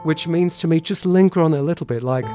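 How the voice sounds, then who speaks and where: Casting: a man, piano teacher, mildly raised pitch, hesitant, piano playing behind his explanations. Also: quick pace. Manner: thoughtful, hesitant, repeats words when starting. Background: piano played between remarks.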